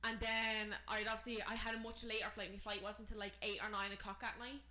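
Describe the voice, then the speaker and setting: A young woman from Dublin with a Dublin accent, talking quickly in a bright voice. She co-hosts a chatty podcast and rambles through her stories with plenty of asides. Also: medium pitch, little pitch movement, echoey room. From Ireland. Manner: rapid, rambling storyteller. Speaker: podcast co-host. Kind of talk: casual chat.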